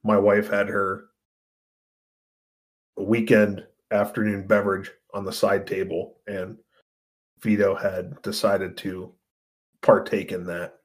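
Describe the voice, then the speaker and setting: A man's voice: lowish voice, level tone, slow pace, pauses often. A man co-hosting a casual podcast, talking in a laid-back, resigned way. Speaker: podcast co-host.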